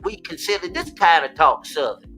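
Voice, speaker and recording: Host, American man, high, bright voice, lively stream chat, repeats himself when he gets excited. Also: normal speed, soft background music. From United States. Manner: animated, excitable, repeats words, laughs often. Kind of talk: casual chat.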